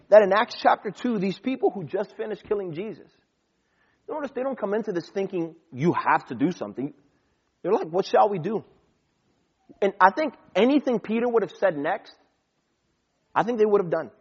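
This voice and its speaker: A man with a high, slightly husky voice preaches a casual, conversational sermon. He quotes scripture and slips briefly into the voices of the people in the stories. The recording sounds dull and lo-fi. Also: darkish tone.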